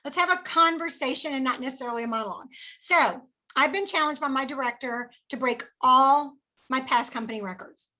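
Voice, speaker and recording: A woman with a high, bright voice runs a lively sales training session. She coaches with energy and calls on her listeners by name. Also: a little fast. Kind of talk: live training session with scripted role-play.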